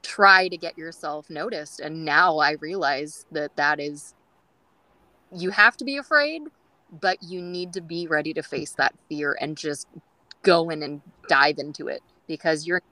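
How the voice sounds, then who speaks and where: A woman's voice: deep voice, measured pace, bright, forceful tone, no echo, low-quality recording. A woman guest on a groomers' podcast, telling stories in a chatty way with many fillers and acting out quoted dialogue. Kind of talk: casual storytelling interview.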